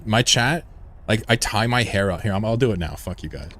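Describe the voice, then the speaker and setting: A man's voice: fairly low pitch, animated, fairly quick, fairly bright tone, slight background noise. A man chatting casually on a live game stream, rambling, joking and swearing freely while he plays.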